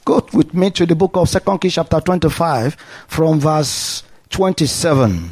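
Male preacher, high voice, animated sermon with call-and-response. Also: normal speed.

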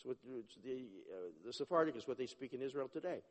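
A man giving a personal testimony, animated and acting out the dialogue, often restarting his sentences. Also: medium pitch, fast talker. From Jewish upbringing, not a place. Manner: animated, acts out dialogue, self-interrupting. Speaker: testimony speaker. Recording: long hall reverb.

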